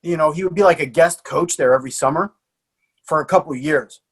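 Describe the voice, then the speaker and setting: Speaking a bit fast in a husky, fairly high voice, an American jiu-jitsu coach in middle age tells casual stories as a podcast guest. He curses liberally, laughs a lot, and keeps starting over mid-thought.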